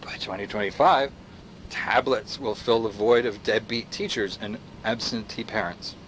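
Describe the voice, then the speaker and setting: An actor playing a paranoid male pundit in video game dialogue, ranting against machines and swinging from hushed whispers to shouts. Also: lowish voice, fairly even intonation, normal speed, slight background noise, natural voice.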